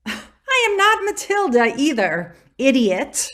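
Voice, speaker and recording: A woman's voice: sits high, sing-song, takes it slowly, a bit bright, exaggerated voice. A woman playing a sarcastic female ghost of dropped lines in a stage play, taunting and theatrical.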